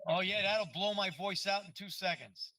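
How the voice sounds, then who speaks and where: High, bright-voiced man telling stories. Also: steady tone, normal speed, a little hiss or hum. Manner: loose, rambling storyteller with frequent swearing. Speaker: guest, prank-call performer. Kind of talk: casual podcast chat.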